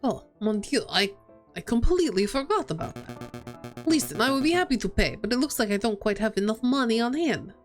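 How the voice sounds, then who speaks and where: Woman putting on a scatterbrained bird inventor guy, fake east european accent, fussy and lively. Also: fairly high pitch, fairly quick, faint music behind.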